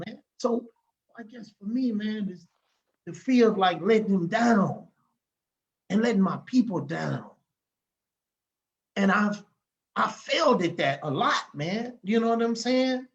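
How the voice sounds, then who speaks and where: A man pouring out a heartfelt personal testimony as a podcast guest, fired up and emphatic. He keeps punctuating his sentences with "man". The recording sounds muffled and lo-fi. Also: very high-pitched.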